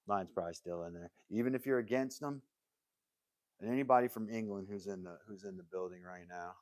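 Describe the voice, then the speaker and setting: A livestream host talks straight to his audience from his woodworking workshop at home, rambling, cracking jokes and laughing often. He speaks fairly quickly in a low, slightly mellow voice, with no room sound.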